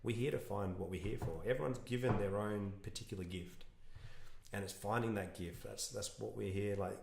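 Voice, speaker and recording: A man's voice: on the low side, moderate pace, creaky, darkish tone, reverberant. A man, a podcast guest talking earnestly and reflectively in a casual interview, rambling with restarts. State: emotional.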